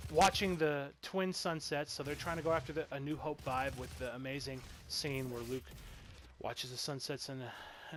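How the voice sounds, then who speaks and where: A man's voice: on the high side, a bit bright, a little hiss or hum. A man in his thirties giving a casual spoken movie review, rambling and exasperated and swearing freely. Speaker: film reviewer.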